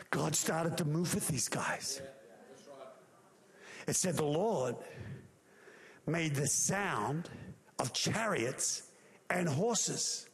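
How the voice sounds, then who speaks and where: A man preaching a sermon, telling a story with animated, acted-out voices and sound effects. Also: fairly high pitch, slow pace, pauses often, long reverb tail.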